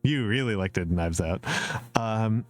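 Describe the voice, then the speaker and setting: A man's voice: lowish voice, moderate pace, faint music behind. A man from the Upper Midwest of the US chatting casually on a live stream, rambling and repeating himself with lots of fillers. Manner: chuckles at his own jokes. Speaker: VTuber streamer answering viewer questions.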